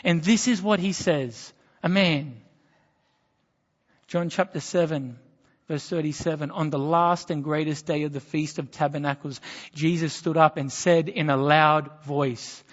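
A male preacher delivers a sermon with a fairly high voice, building to loud peaks and falling to quiet asides. The sound is a bit dull and carries a long reverb, as in a church. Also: steady tone, unhurried. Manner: emphatic preaching, rising to loud climaxes and dropping to hushed lines.

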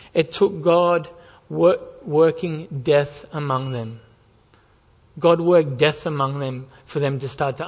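A man's voice: on the high side, fairly bright tone. A man preaching a sermon, emphatic, repeating key lines and asking rhetorical questions. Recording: dull lo-fi sound with long hall reverb.

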